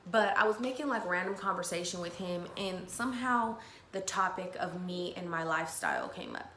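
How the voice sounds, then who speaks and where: A woman's voice: lowish voice, big pitch swings, normal speed, sharp tone. A young woman hosting a podcast, telling a personal story to listeners with candid, emotional talk and frequent swearing. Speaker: podcast host. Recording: echoey room with faint noise.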